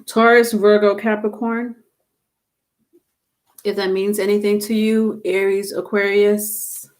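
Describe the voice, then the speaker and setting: A woman's voice: mid-range voice, flat delivery, takes it slowly. A woman reads tarot on a live stream in a mid-range voice. She talks casually and turns to viewers by name. Her pace is loose and conversational. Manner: chatty, answers viewers by name. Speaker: tarot reader.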